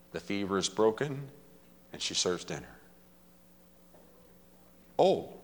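Brief: emphatic male preacher, slow and deliberate, bright tone, reverberant hall. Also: mid-range voice. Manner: dramatic, emphatic storytelling. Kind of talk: sermon.

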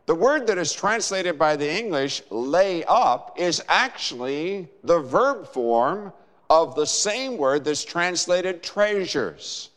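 Male preacher, slow and deliberate, lively rising and falling delivery, long church reverb. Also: high voice. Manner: measured, emphatic preaching with dramatic pauses. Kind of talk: sermon.

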